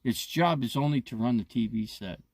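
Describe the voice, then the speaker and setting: Casting note: a gravelly fifties man, chatty host, rambling and cursing through his stories. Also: mid-range voice, a little fast, no room sound. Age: 50s. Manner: rambling, profane, animated retelling. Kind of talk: casual chat. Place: inside an RV.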